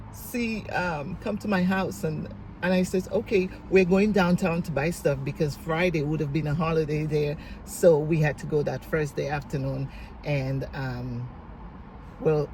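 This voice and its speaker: In her emotional storytelling vlog, a middle-aged woman recounts a family reunion with heartfelt feeling, sometimes tearing up, voicing each person's words and offering faith-based encouragement. Her pitch is fairly low with a darkish tone, and the recording is rough, with a little hiss or hum.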